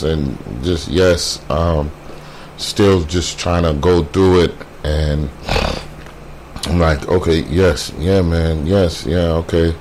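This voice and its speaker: A man with a very deep voice tells a personal story slowly, often stopping to restart his words. His talk is casual and unscripted, full of fillers. A faint hiss sits under the recording. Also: darkish tone. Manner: halting, many fillers and repeated words; quotes others in a brisk voice.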